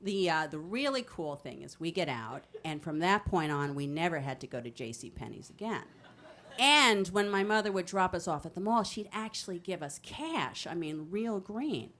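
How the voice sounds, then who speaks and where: A woman's voice: fairly low pitch, moderate pace. A woman in her fifties from New Jersey, telling a brash, comic true story on stage into a microphone. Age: 50s. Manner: brash, comic, animated delivery. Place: storytelling stage in a city venue.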